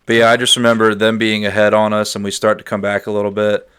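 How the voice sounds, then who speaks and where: A young man co-hosting a podcast, telling stories in an animated, casual way. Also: fairly low pitch, fast, smooth. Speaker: podcast co-host. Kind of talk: casual storytelling.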